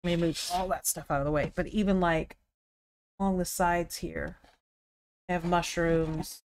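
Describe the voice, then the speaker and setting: A woman's voice: fairly low pitch, steady tone, moderate pace, darkish tone, a little hiss or hum. An American woman hosting a live miniature painting stream, chatting casually and thinking aloud as she works.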